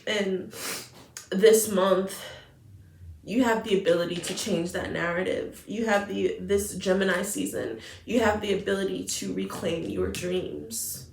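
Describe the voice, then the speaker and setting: Woman tarot reader, earnest and emotional, middle pitch, roomy echo around her voice. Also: gravelly, a little hiss or hum. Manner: earnest, emotional, repeats phrases. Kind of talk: spiritual tarot reading.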